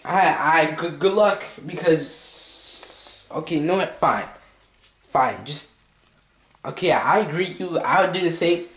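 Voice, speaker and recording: A man's voice: a little high, measured pace, a bit bright, echoey room. A male vlogger in an agitated comedic skit, swearing a lot and stammering over his words. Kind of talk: comedic self-argument skit.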